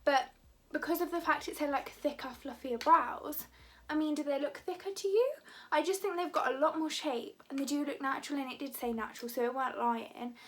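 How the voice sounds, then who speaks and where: Young woman, high voice, rambling chatty vlogger. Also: bright, forceful tone. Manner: rambling, chatty, many "like" fillers. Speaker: beauty vlogger. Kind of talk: casual chat to camera.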